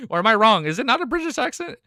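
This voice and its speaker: A male streamer chatting excitedly and casually during a live reaction stream, swearing now and then. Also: very high voice, dry recording, studio quality.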